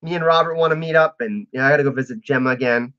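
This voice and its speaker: A man's voice: medium pitch, very fast, a bit bright, clear, resonant tone, highs cut off. A man hosting a casual livestream, chatting with viewers and reading out their messages, laughing often. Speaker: livestream host.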